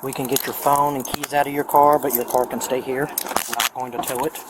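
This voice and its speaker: A man's voice: medium pitch, little pitch movement, fairly quick. Brief: man, police officer, clipped and businesslike, noisy outdoor body cam sound. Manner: terse, matter-of-fact. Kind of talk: police questioning. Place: outdoors by a store parking lot. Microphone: police body camera.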